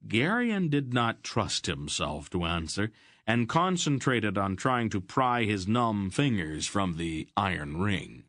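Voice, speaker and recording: A man narrating a fantasy audiobook in an even, measured storytelling voice. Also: on the low side, no echo, clean studio sound.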